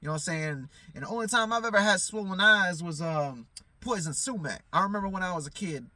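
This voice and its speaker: A man's voice: high voice, animated, fast, pushed and bright, no room sound. A man talking in a loose, profane, rambling vlog monologue, often stammering and restarting. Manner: profane, loose, repeats "you know what I'm saying"; loses his train of thought, stammers restarts. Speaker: vlogger.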